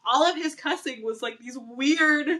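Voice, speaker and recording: A woman's voice: high-pitched, unhurried. A woman guest on a casual podcast interview, telling stories animatedly with lots of "like" fillers and frequent laughs. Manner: animated storytelling, many "like" fillers, laughs often.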